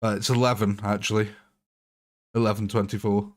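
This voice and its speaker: A man's voice: fairly low pitch, flat delivery, moderate pace. A man streaming a game live, chatting and joking while he answers viewers by name. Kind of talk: live gameplay commentary answering chat.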